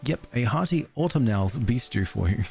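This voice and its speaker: A man's voice: mid-range voice, lively intonation, normal speed, gravelly, darkish tone. A man streaming a cozy game, chatting casually and giggling while reading game letters aloud. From Australia. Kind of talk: casual let's-play chat.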